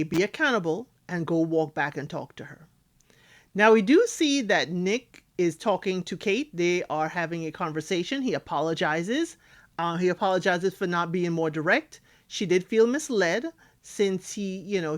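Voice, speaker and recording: A woman's voice: on the low side, lively intonation, normal speed. A woman giving casual recap commentary on a reality dating show, acting out cast members' lines as she talks.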